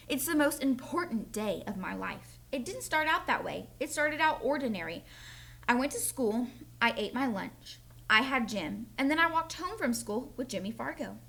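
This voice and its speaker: A woman teacher reading a chapter book aloud to her class, her voice lively and swinging up and down as she tells the story. She talks in a friendly, storytelling way. A gravelly edge shows at the ends of her phrases. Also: fairly high pitch.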